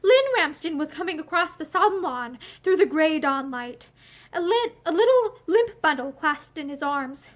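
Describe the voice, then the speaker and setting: A woman reading a novel aloud in an expressive way, seated in a room lined with bookshelves. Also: high-pitched, moderate pace. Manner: expressive, acts out the dialogue. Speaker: audiobook reader.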